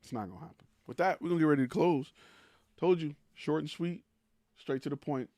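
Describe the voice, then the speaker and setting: A man's voice: a little high, fairly quick, a little mellow, no echo, clean studio sound. A man hosting a live stream, giving blunt, teasing business advice to creators with rhetorical questions. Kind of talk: blunt motivational talk.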